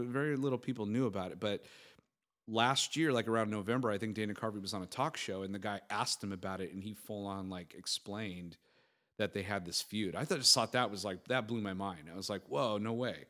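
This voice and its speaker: A young man co-hosting a podcast, chatting casually and excitedly, often laughing and acting out movie lines. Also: on the low side, fairly quick. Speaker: podcast co-host. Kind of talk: casual chat.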